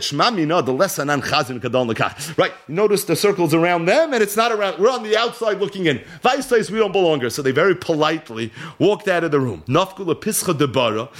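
A Torah teacher with a fairly bright, higher voice gives a Talmud and Zohar lecture. He half-chants Aramaic source lines, translates them, and retells them as a story.

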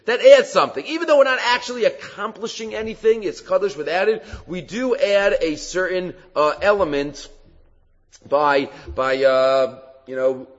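A man giving a Talmud class lecture, animated and often halting to restart his phrases. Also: on the high side. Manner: animated, acts out quoted rabbis in a raised voice; halting, with many fillers and restarts. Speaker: Talmud teacher. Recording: reverberant hall, dull lo-fi sound.

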